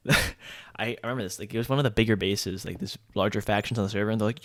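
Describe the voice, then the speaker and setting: A man's voice: lowish voice, little pitch movement, quick pace, fairly bright tone, dry recording. A young man telling a casual gaming story in a rambling, joking way, full of filler words. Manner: laid-back and joking. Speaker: gaming vlogger.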